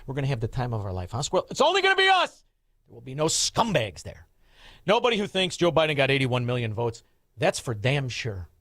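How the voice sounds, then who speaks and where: A man's voice: mid-range voice, very animated, fairly quick, a bit bright, no echo, clean studio sound. A man hosting a talk radio show, brash and mocking as he banters with callers.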